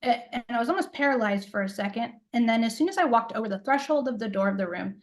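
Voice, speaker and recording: Chatty woman telling a story, higher voice. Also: fast, low-quality recording. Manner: rambling, filler-heavy storytelling, acts out quoted dialogue. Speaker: interview guest, intuitive coach. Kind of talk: casual storytelling interview.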